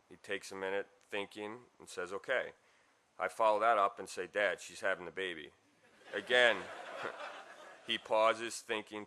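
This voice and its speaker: A man speaks at a memorial service, delivering a heartfelt eulogy for his father. His voice is bright and forceful and sits fairly low, and he slips in wry, self-mocking asides. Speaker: son giving a eulogy.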